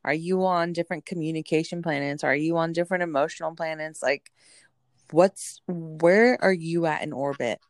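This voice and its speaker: A woman's voice: low-pitched, moderate pace, no room sound, studio quality. A woman co-hosting a podcast in casual chat, speaking in an easygoing, conversational way and often agreeing with her partner. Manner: conversational, agreeable, frequent "yeah". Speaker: podcast co-host.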